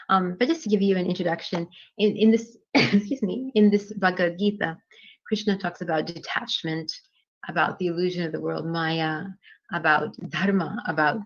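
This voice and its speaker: Lady dance teacher telling stories to a class, lowish voice, lots of ums, muffled lo-fi audio. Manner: conversational with many fillers and restarts. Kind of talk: storytelling in a class. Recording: dull lo-fi sound.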